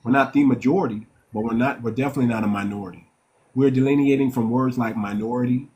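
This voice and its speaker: A man's voice: mid-range voice, fast talker, mellow. A man hosting a live-stream talk, reading chat comments aloud and speaking in an emphatic, preacher-like way straight to his audience. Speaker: livestream host.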